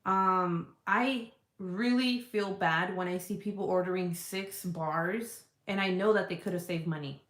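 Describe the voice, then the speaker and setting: A woman's voice: fairly low pitch, unhurried, hardly any pauses, fairly bright tone. Foul-mouthed chatty woman in an echoey room. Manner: profane, rambling and laughing, talks straight to viewers. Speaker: online seller of home fragrance products. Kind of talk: casual chatty product talk to camera. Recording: roomy echoey room sound.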